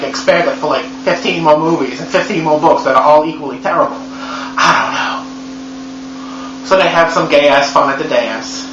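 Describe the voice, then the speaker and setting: A man giving a comedic movie recap in a profane, sarcastic, rambling way. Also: fairly high pitch. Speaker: movie reviewer. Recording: echoey room, dull lo-fi sound with hum.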